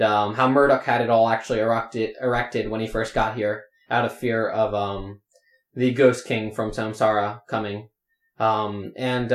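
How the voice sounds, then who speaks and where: A man running a tabletop game as game master, rambling with many fillers. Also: mid-range voice. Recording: roomy echo.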